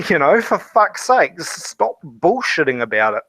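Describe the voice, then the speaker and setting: A man's voice: sits high, big pitch swings, takes it slowly, bright, forceful tone, husky, no echo. A man hosting a casual online hangout, talking bluntly with plenty of swearing and laughing between points. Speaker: host of a hangout. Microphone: home computer mic.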